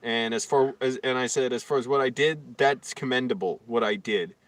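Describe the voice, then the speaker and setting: With a mid-range voice at normal speed and no room sound, a man from Virginia rants casually on a livestream. His indignant story rambles along, broken by many fillers and restarts.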